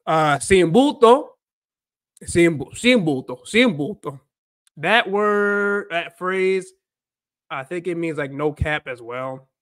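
A man's voice: fairly high pitch, slow pace, a bit bright, no room sound, clean studio sound. A man hosting a casual livestream, rambling and repeating himself while mixing in Spanish phrases. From United States. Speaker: livestream host, language learner.

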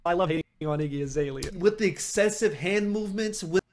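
A man's voice: sits high, fast talker. A man hosting a comedic commentary video, mocking and sarcastic as he reacts to clips. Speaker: YouTube commentary host.

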